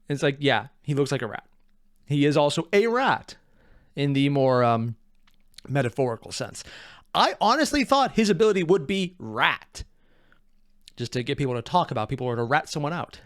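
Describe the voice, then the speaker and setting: A man's voice: medium pitch, very animated, brisk, no room sound, studio quality. A man hosting a reaction video, rambling in a casual, self-deprecating way.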